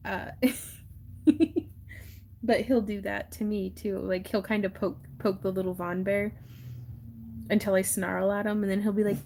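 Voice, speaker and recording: A woman's voice: medium pitch, steady tone, measured pace, warm tone. A woman hosting a crafting livestream, chatting casually and laughing often while she wire wraps. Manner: giggly, chatty, acts out little voices in her stories.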